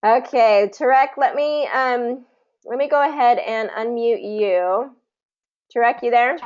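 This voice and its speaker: A woman teaching English pronunciation in a live online class, patiently demonstrating words slowly. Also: fairly high pitch, darkish tone, highs cut off. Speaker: pronunciation coach.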